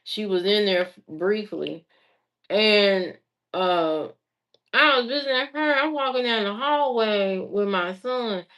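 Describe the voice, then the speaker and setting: A woman's voice: mid-range voice, slow. A woman telling personal stories to her viewers in a casual, colloquial way, often repeating phrases for emphasis. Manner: lively storyteller who repeats phrases for emphasis; colloquial, chatty delivery.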